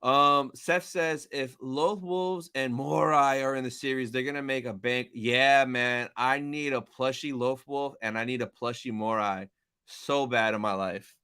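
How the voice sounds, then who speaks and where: A young man hosting a live stream, chatting casually and excitedly while reading viewer comments aloud. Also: mid-range voice, unhurried, clear, resonant tone. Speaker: livestream host.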